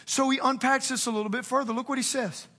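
A male pastor preaching a sermon with fervent emphasis, swinging from near-shouts to hushed, quiet appeals. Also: extremely high pitch, fairly even intonation, fast.

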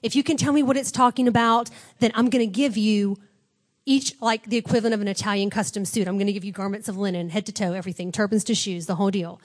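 A woman's voice: medium pitch, steady tone, fast talker, a little mellow, voice pushed down, lightly acted. A woman voicing a boastful young male strongman in a retold story, sounding offhand and cocky.

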